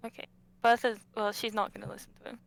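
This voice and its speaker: Teasing gravelly-voiced woman player. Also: mid-range voice, level tone, quick pace. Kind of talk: tabletop role-play chat.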